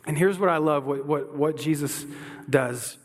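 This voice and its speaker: A man's voice: on the high side, measured pace, in a large hall. A man preaching a sermon as pastor, earnest, often repeating words as he builds a point.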